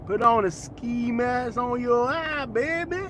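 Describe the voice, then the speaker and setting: A young street hustler, as a man puts him on, mumbling through slurred slang with each phrase tailing off. The voice rides high but soft and low-key. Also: level tone, normal speed, gravelly, slight background noise. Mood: drawling.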